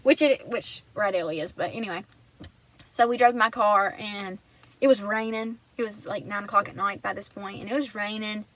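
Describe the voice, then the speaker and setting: A woman's voice: medium pitch, normal speed, fairly bright tone, no echo, low-quality recording. A woman vlogger telling a personal story in an earnest, rambling way, often restarting her sentences.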